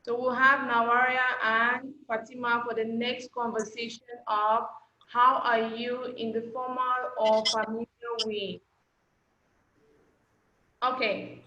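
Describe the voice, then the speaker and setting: A woman leads an online class in a high, sharp-toned voice, slowing down patiently to model each phrase. Her call audio is dull and lo-fi, with a roomy echo and a faint hiss behind it. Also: little pitch movement. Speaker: language teacher. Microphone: video call.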